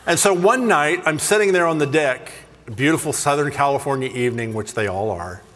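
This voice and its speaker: Bright-voiced preacher joking in a hall. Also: male voice, a little high, fairly quick. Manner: animated, jokey, self-deprecating. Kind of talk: humorous sermon storytelling.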